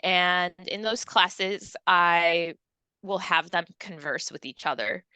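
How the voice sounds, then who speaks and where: A woman's voice: fairly low pitch, slow, sharp tone, clear, resonant tone, no echo. A woman in her thirties, a language teacher, chatting in an interview, upbeat and laughing often as she demonstrates sounds. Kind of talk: casual interview chat.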